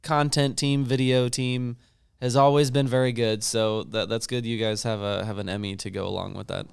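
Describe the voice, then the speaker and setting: A man hosting a podcast in casual chat, making laid-back, low-key remarks. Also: level tone, normal speed, creaky, smooth, no echo, studio quality.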